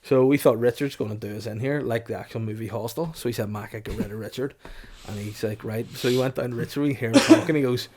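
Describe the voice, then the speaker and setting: A man's voice: medium pitch, quick pace, darkish tone. Crude, laughing man. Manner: crude storytelling, laughs often. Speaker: podcast co-host. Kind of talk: casual comedic chat.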